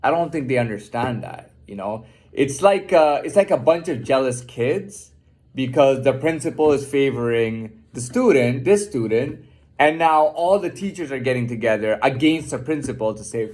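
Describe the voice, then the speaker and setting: A man's voice: mid-range voice, animated, normal speed, darkish tone. A man delivering an unscripted, profane, defiant monologue rant, often repeating and restarting his words.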